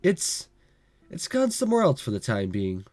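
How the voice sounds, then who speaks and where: A man with a cold voicing an evasive teenage boy in a visual novel reading, speaking lower than his own voice. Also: huge pitch swings, moderate pace, darkish tone. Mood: awkward. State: has a cold.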